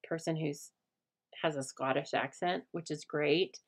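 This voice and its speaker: A middle-aged American woman hosting a casual crafting chat, talking aloud as she works and often dropping to a soft murmur. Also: sits low, fairly even intonation, a little slow. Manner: chatty, thinks aloud, drops to a soft murmur while working. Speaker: craft host.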